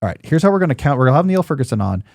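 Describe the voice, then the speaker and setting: A man's voice: on the high side, big pitch swings, rapid-fire, creaky, a little mellow, no room sound, studio quality. A man in his forties hosting a podcast in casual chat, rambling and joking, with lots of fillers and restarts. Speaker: podcast host.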